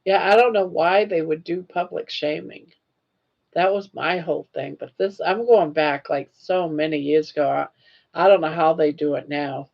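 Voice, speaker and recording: A woman's voice: low voice, normal speed, creaky, highs cut off. An older woman hosting a casual livestream, telling stories in a chatty way and laughing often. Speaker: livestream host. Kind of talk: casual chat.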